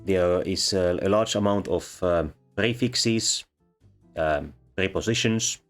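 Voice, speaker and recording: Low-voiced guy giving a slow lecture, lots of ums, soft music underneath. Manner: halting, many ums and uhs. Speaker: linguistics lecturer. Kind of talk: explaining sound changes over slides. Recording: faint background music.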